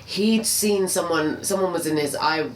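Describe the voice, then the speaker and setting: A woman's voice: lowish voice, unhurried, roomy sound. Woman chatting loosely, noisy recording. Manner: loose, rambling, many fillers and restarts. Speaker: podcast guest, stand-up comic. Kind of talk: casual chat.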